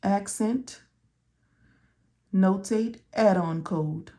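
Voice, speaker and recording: A woman's voice: mid-range voice, warm tone. A woman teaching medical coding, walking viewers step by step through a study lesson and repeating her instructions and questions as if they could answer. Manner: slow, repetitive, talks to viewers as if they can answer.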